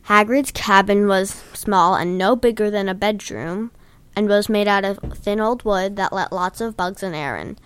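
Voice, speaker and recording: A woman reading a story aloud in a plain, steady storytelling manner with a few stumbles. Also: mid-range voice, normal speed, smooth. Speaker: reader.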